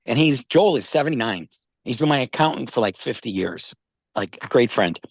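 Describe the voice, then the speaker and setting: An older man, a company founder pitching wellness products, tells rambling stories casually on a video call, repeating words and often checking in with "okay?" and "all right?". His medium-pitched voice is expressive and a little fast, with no echo.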